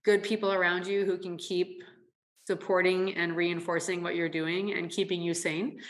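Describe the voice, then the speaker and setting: A woman's voice: lowish voice, flat delivery, normal speed. A middle-aged woman investor speaking as a podcast guest in earnest, encouraging casual conversation, often restarting her phrases. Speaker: venture capital investor and guest. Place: home office.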